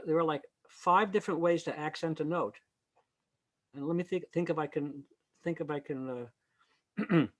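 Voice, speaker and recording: Older man lecturing on choral conducting. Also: fairly high pitch. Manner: thinks aloud with fillers and self-corrections, sings short examples. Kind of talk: informal online lecture. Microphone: video call.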